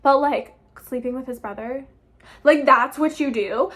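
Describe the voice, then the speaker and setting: Exasperated high-voiced woman ranting about a book. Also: a little slow, a bit bright. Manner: exasperated, heated, swears freely. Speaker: book vlogger. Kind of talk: casual ranting book review.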